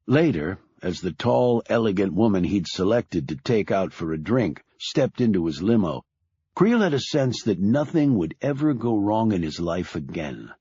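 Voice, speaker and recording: A man giving measured, deliberate scripted audiobook narration. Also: fairly low pitch, sing-song, warm tone, slightly rough, dry recording, lo-fi sound.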